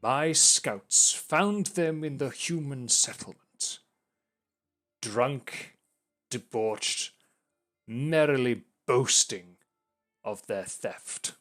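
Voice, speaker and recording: A man's voice: medium pitch, lively intonation, fairly bright tone, faint music behind, pitched above the performer's own voice. A man voicing a sneering scarred lizardfolk chief. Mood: accusing. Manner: slow, deliberate accusing. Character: big scarred male lizardfolk leader, sneering accuser.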